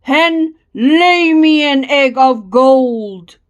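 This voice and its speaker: A big, menacing storybook giant booms out his words slowly and loudly, as a woman reads him aloud. His voice is higher than a giant's usually is, and he drags out each word with heavy threat. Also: expressive, heavily acted. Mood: commanding. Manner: slow, loud, menacing chant. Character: huge booming menacing male giant.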